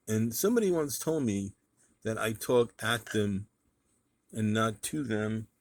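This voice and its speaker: A man's voice: on the low side, slight background noise. A man vlogging in a casual monologue, talking emphatically in a ranting way and repeating his points.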